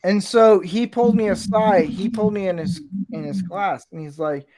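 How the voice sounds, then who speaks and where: A man's voice: high-pitched, normal speed, warm tone, poor audio. A man hosting a casual build stream, telling a rambling story with frequent swearing. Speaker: streamer building a brick toy set. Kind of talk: casual chat while building.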